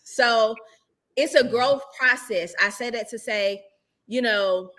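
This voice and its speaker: Woman, real estate investor talking through her experience; bright tone, a bit higher than usual, lively and emphatic. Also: takes it slowly. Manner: emphatic, animated, asks rhetorical questions. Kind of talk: casual conversational advice.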